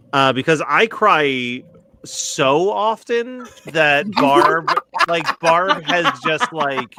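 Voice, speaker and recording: A man's voice: on the high side, bright, forceful tone, clear, resonant tone. A man producing a podcast, telling stories in casual panel chat, chatty and laughing with self-deprecating humour.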